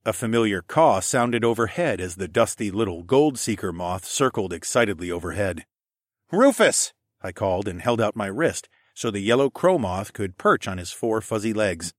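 A man narrating a first-person audiobook, with lively, playful character dialogue. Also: lowish voice, normal speed, few pauses, dry recording, studio quality.

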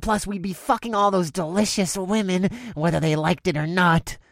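A man's voice: high-pitched, fairly even intonation, normal speed, fairly bright tone, no echo, clean studio sound, voice pushed up. A man voicing a snarling, scornful male orc in a raised, pinched voice. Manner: snarling and contemptuous.

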